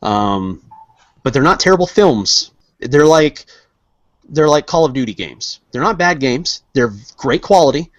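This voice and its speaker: A man's voice: a little high, lively intonation, unhurried, no room sound. A man co-hosting a casual podcast, joking and teasing his friends, rambling with lots of fillers. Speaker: podcast co-host. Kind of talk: casual banter among friends. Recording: dull lo-fi sound, dry.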